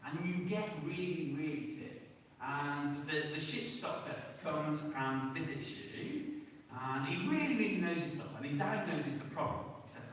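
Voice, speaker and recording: Male preacher, slightly high voice, earnest sermon, heard from afar in a big reverberant church. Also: lively intonation, unhurried, slight background noise. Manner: earnest, pleading, swings between loud emphasis and hushed tones. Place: church hall. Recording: echoey church hall from far off.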